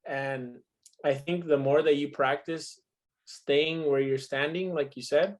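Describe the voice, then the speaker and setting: A man's voice: on the high side, steady tone, measured pace. A man in his twenties in casual podcast chat, telling stories emphatically and swearing freely. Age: 20s. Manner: profane, emphatic storytelling.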